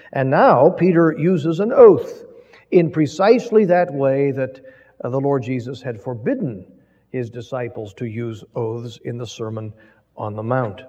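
A man preaching an expository sermon, reading scripture in a measured, emphatic way. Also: mid-range voice, animated, warm tone. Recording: lo-fi, long reverb from a hall.

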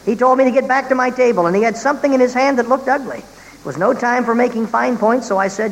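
A reader giving a dramatic reading of a historical sermon, expressive and slowing on key phrases. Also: medium pitch. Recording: reverberant room with faint hiss.

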